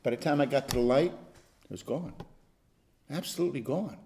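A male pastor teaching an interactive Bible study, emphatic and animated, at times bursting into loud exclamations. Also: medium pitch, brisk, vocal fry.

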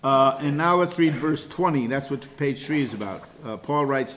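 A man's voice: mid-range voice, normal speed, few pauses, fairly bright tone, slight background noise. A man teaching a casual Bible study class, talking earnestly and often repeating words while he gathers his thoughts.

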